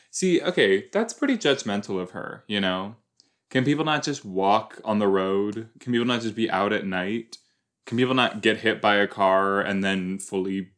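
A man's voice: lowish voice, fairly bright tone. A young man hosting a casual watch-along podcast, rambling and chatty with joking asides. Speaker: podcast host.

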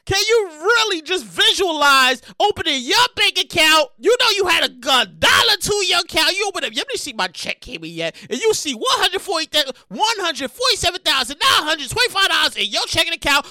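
A woman hosting a casual solo podcast, excitable and rambling as she tells a story, with loud exclamations and frequent laughter. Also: very high-pitched, brisk, few pauses, no room sound, studio quality. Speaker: podcast host.

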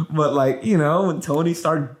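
A man hosting a podcast, chatting casually with his wife in an animated way, laughing and filling his talk with "like" and "you know". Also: fairly high pitch, unhurried. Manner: animated, laughing, loaded with fillers. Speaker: podcast host.

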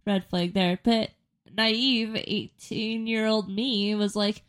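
A woman's voice: medium pitch, slow. Chatty young woman telling stories. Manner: animated storytelling, acting out quotes. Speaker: podcast co-host. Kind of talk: casual chat.

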